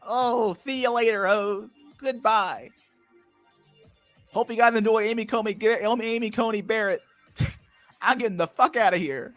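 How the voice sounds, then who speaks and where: A man putting on a mocking impression of an elderly woman judge who is gleefully quitting, in a high, cackling voice. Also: a little slow, long pauses, fairly bright tone, faint music behind. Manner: cackling, high-pitched mock voice.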